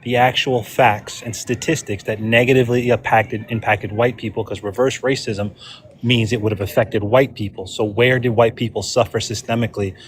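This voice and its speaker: A man's voice: mid-range voice, fairly even intonation, normal speed, a little hiss or hum. Mid-voiced male panelist, sarcastic and cutting in debate. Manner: sarcastic, cutting, repeats himself. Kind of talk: heated political debate.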